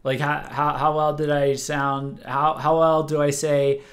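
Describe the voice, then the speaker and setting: Tired young male stream host, slow and halting, slightly high voice, lots of fillers. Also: level tone, gravelly, a bit bright. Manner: halting, full of fillers and restarts. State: tired, sleep-deprived. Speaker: livestream host. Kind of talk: casual livestream chat.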